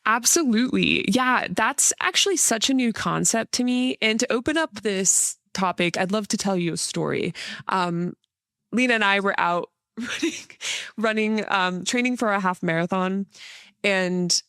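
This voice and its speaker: A woman's voice: medium pitch, normal speed, fairly bright tone, no echo, studio quality. A woman hosting a podcast, telling a story in a rambling, casual way with lots of fillers. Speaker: podcast host. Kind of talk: casual interview chat.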